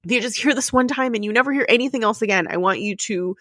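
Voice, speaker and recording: A woman's voice: a little high, fast talker, pushed and bright, no room sound. A middle-aged woman speaks straight to her podcast listeners, open and heartfelt, with her feelings close to the surface. She leans on repetition to drive her points home. The close mic leaves her voice dry, with no room sound at all. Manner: emotional, candid, earnest; repetitive and emphatic. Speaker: podcast host. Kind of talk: solo podcast coaching talk.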